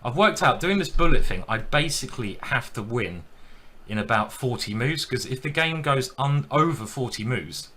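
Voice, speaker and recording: A man's voice: medium pitch, lively intonation, normal speed, bright, forceful tone, slightly rough. A man streaming his chess games, thinking aloud with self-deprecating commentary.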